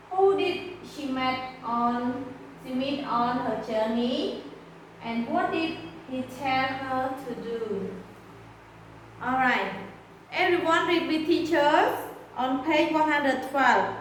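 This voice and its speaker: High-voiced teacher with a Khmer accent, echoey. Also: female voice. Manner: slow, careful reading with small grammar slips. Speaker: English teacher. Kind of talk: classroom lesson, reading a story aloud. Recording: echoey room with faint noise.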